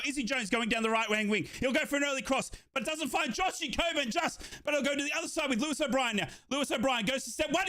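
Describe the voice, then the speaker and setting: Young male fan streamer, high bright voice, yelling and breathless, live match watchalong commentary. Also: quick pace, few pauses. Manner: shouting, euphoric, breathless bursts.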